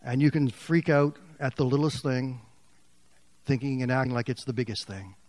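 A man preaching a sermon as pastor, swinging from loud, raised passages to quiet, near-whispered lines. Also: mid-range voice, moderate pace.

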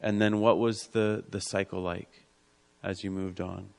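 A man preaching a sermon in an earnest way, repeating key lines and dropping to a soft hush. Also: deep voice, level tone, a little slow, vocal fry.

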